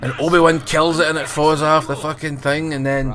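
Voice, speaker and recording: A man's voice: fairly high pitch, level tone, brisk, fairly bright tone. A Scottish man giving a sweary, sarcastic review, mocking what he covers in put-on quoted voices. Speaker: film and TV reviewer.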